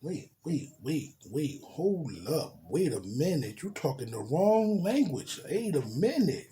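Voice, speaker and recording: A man's voice: a little high, big pitch swings, slow pace, few pauses, dark tone, a little hiss or hum. A man telling a crude personal story in casual slang, dropping in spoken sound effects. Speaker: storyteller vlogger.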